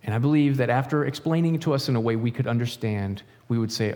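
A man's voice: mid-range voice, fast, few pauses, warm tone, long reverb tail. A man preaching a sermon in a chatty way, asking rhetorical questions and acting out little stories. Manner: conversational, asks rhetorical questions; acts out stories in quoted voices. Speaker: pastor.

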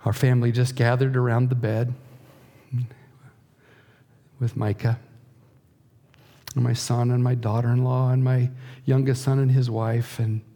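A middle-aged man preaching a sermon, earnest and slow, dropping to a hush at times. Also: mid-range voice, vocal fry. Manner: earnest, slow emphatic delivery with soft, hushed passages. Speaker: pastor.

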